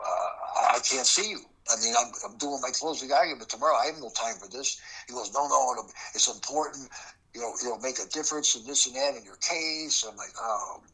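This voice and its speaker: A man's voice: medium pitch, pushed and bright, husky, rough recording. An older man, a former prosecutor recounting a case in an interview, emphatic and acting out the dialogue. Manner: emphatic, acts out quoted dialogue. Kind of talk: storytelling interview.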